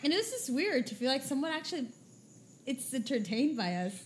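A woman's voice: high-pitched, big pitch swings, a little fast, a little hiss or hum. Bashful rambling woman co-host. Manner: bashful, rambling, self-deprecating. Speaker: podcast co-host. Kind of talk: casual chat.

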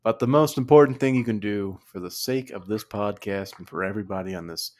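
A man's voice: lowish voice, a little fast. A man co-hosting a casual comedy podcast, talking in a wry, dry way and often breaking into laughter. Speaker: podcast co-host.

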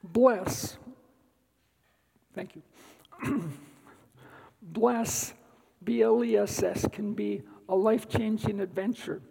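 A man giving a guest talk at church, telling a personal story in an unhurried way with dry asides. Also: high voice, fairly even intonation, creaky, mellow, slightly rough, in a large hall, rough recording. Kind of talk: sermon-style personal testimony. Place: church sanctuary.

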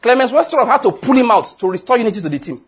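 Racing along in an extremely high, breathy-edged voice, a man preaches as a pastor. His sermon is full of animated stories and rhetorical questions aimed at the congregation.

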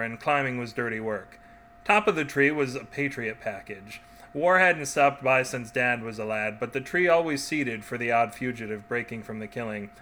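Man, podcast host, reads a short story aloud, wry joking asides, bright forceful voice. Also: mid-range voice, slight background noise.

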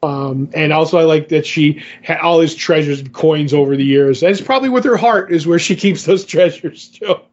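A man's voice: a little high, moderate pace, few pauses, darkish tone. Rambling man with a dull lo-fi sound. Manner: rambling, many fillers and restarts. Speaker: podcast co-host. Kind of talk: casual comic book discussion.

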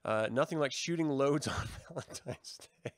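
A man's voice: mid-range voice, moderate pace, no room sound, clean studio sound. A man hosting a live stream, chatting casually with viewers, joking, swearing and laughing a lot. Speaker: livestream host.

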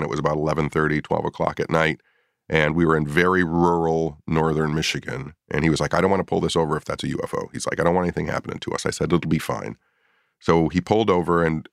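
Deep-voiced man telling a story. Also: vocal fry, dry recording, studio quality. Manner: animated storyteller, acts out his own past reactions. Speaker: paranormal investigator. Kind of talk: casual storytelling in a podcast chat.

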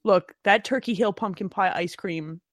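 A woman co-hosting a casual podcast chat, animated and profane, laughing often. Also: medium pitch, moderate pace, no echo, clean studio sound. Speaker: podcast co-host.

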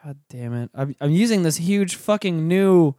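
A man's voice: on the high side, lively intonation, moderate pace, dark tone, no room sound, clean studio sound. A man hosting a podcast in casual, crude banter. He is frustrated and sarcastic, and he swears a lot while drinking scotch. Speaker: podcast host.

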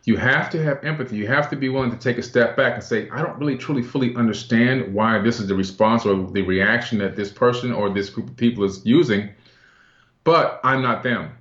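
A man as a guest in a casual chat, speaking earnestly and reflectively with some halting restarts. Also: medium pitch, a bit bright, roomy sound, lo-fi sound.

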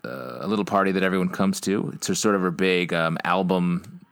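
A man co-hosting a podcast, recapping an episode in casual chat, animated and teasing. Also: low voice, a little fast, no echo. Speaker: podcast co-host.

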